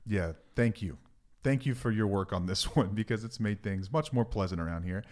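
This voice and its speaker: A man's voice: fairly low pitch, normal speed, a little mellow. A man co-hosting a podcast, talking earnestly with joking asides. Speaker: podcast co-host. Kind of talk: casual chat.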